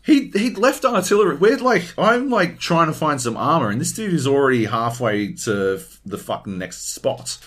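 Animated man, lively swearing podcast chat. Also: a little high, moderate pace, hardly any pauses. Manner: animated, swears freely, acts out quotes. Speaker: podcast co-host. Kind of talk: casual gaming podcast chat.

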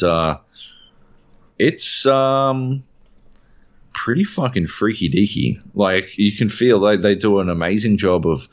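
A man co-hosting a podcast in casual, animated chat, rambling and swearing freely. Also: deep voice, lo-fi sound. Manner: animated, profane, rambling with fillers. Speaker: podcast co-host.

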